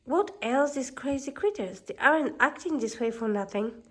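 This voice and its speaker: A woman voicing a grouchy little male dwarf miner in a storybook reading, growling and gruff. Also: sits high, lively intonation, moderate pace, fairly bright tone, voice pushed up.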